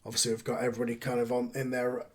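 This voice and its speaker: A man's voice: medium pitch, completely flat delivery, racing. Upbeat man running a tabletop game. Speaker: game master. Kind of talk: casual tabletop game narration.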